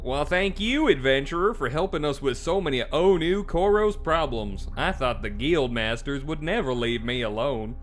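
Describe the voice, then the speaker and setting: A man's voice: mid-range voice, expressive, normal speed, hardly any pauses, faint music behind, close to an everyday voice. A man voicing a friendly cowboy-like male villager from a game, in a put-on American Southern accent with a folksy drawl.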